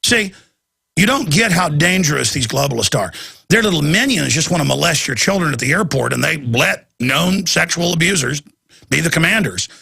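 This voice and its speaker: A man's voice: on the high side, lively intonation, normal speed, vocal fry, pushed and bright, husky. A middle-aged man hosting a talk radio show, delivering a heated, ranting monologue with mocking asides.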